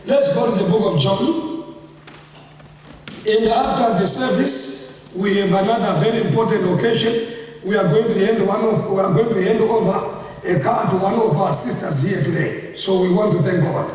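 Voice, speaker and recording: A man preaching a sermon to a church congregation, drawing call-and-response from the crowd and breaking into shouts. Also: sits high, normal speed. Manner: bursts into shouting. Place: church hall. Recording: echoey hall, far from the mic.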